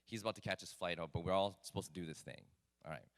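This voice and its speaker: A man telling a personal story at a live talk event, animated and self-mocking with lots of fillers. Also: sits low, fast.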